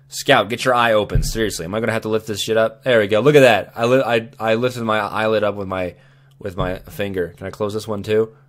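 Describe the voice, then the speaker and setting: A man's voice: on the low side, steady tone, a little fast. A man hosting a gaming video, rambling casually in a playful, joking, self-amused way.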